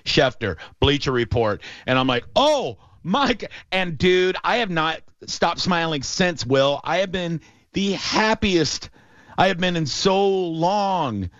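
A man hosting a sports talk show, telling a long story in a casual, animated way with lots of fillers. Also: on the high side, slow pace, no echo. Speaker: radio show host. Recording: dull, lo-fi and dry.

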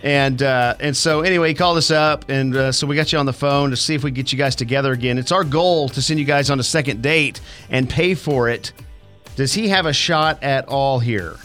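A man's voice: mid-range voice, a little fast, a bit bright, faint music behind. A man hosting a morning radio phone segment, easygoing and joking in banter with his co-host and a caller.

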